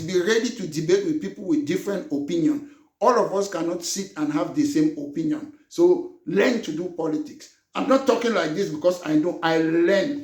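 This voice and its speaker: A man with a high voice delivers a political broadcast as a party leader. He talks in an emphatic, combative way and rises to shouting. The recording has an echoey room sound. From Cameroon.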